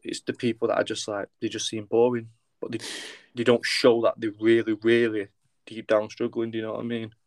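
A man's voice: on the low side, completely flat delivery, a little fast, dry recording. A man chatting casually, hesitant and full of fillers as he explains his thoughts. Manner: conversational, hesitant, many fillers. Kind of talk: casual podcast conversation.

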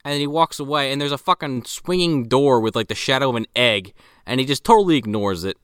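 A man's voice: fast, smooth, no room sound, studio quality. A man co-hosting a casual movie podcast, swearing freely and laughing as he retells scenes. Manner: animated, swearing, breaks into high laughs. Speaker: podcast co-host. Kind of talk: casual movie-review chat.

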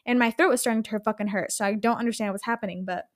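Woman podcast host, slightly high voice, loose profane storytelling, solo casual chat. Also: racing, dry recording, clean studio sound. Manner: animated, swears a lot, rambling storytelling.

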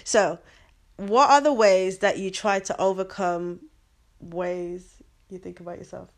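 A woman's voice: fairly low pitch, fairly even intonation, unhurried. Young female co-host; casual, giggly, leads the questions. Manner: chatty, giggly, asks the questions. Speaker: podcast co-host. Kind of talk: casual chat.

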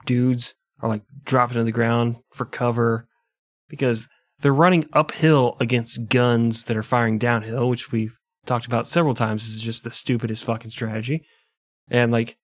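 A man's voice: medium pitch, moderate pace, dry recording. Man, podcast co-host, casual joking chat, lots of swearing, dry close sound. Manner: profane, joking, animated.

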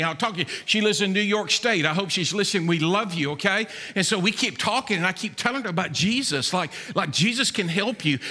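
A man in his fifties with a Southern US accent, a pastor telling a story in a folksy, animated sermon. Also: high-pitched, in a large hall. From Mississippi. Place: church sanctuary.

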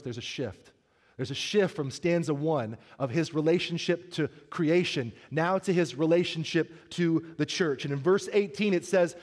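Man preaching a comic sermon in a hall. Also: on the high side. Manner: storytelling with comic asides, then earnest and soft. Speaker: pastor.

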